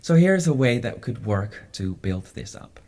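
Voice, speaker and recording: Calm male instructor, mellow husky tone, steady explanatory delivery. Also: mid-range voice, unhurried, dry recording. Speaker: music teacher. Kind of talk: instructional video lesson.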